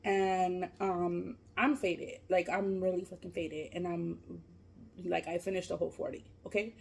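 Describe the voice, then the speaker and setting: A woman vlogger telling a long story while she eats, casual and animated, full of fillers and swearing. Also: lowish voice, measured pace, vocal fry, slight background noise. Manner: animated, profane, lots of fillers. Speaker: mukbang vlogger.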